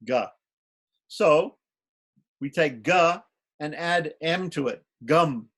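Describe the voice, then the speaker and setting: A man's voice: on the high side, slow pace, a bit bright. A man teaching a class on ritual and mantras, explaining step by step and chanting short mantras aloud. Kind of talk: online class lecture.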